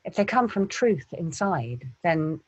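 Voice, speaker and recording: Soft-spoken actress, husky voice. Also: female voice, on the low side, big pitch swings, measured pace, no echo, lo-fi sound. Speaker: actor. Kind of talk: interview answers.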